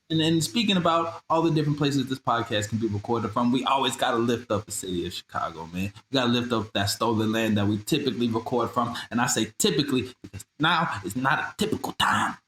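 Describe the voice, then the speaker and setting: A man co-hosting a podcast remotely from abroad, talking in a relaxed, slangy and reflective way. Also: mid-range voice, echoey room, a little hiss or hum. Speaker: podcast co-host. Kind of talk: casual podcast chat. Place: abroad, away from usual studio.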